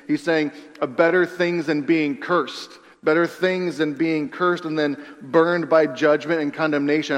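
A man preaching a sermon in an earnest way, repeating phrases for emphasis and dropping to a hush on key lines. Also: a little high, in a large hall. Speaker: pastor.

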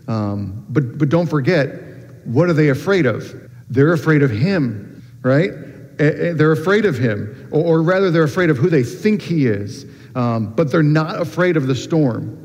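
A man preaching a sermon in a relaxed, conversational way, with frequent ums and restarts. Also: a little high, unhurried. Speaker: pastor. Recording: dull sound with long reverb in a hall.

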